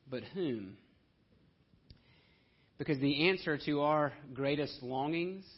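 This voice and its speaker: A man preaching a sermon, swinging between hushed and loud delivery. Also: a little high, slightly rough. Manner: dramatic shifts between soft and loud delivery. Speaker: pastor. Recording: dull lo-fi sound.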